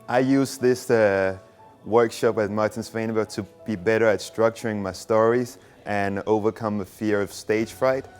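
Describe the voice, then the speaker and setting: A man's voice: fairly low pitch, fairly even intonation, normal speed, darkish tone, soft background music. A man giving a short testimonial about a speaking workshop. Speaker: workshop participant.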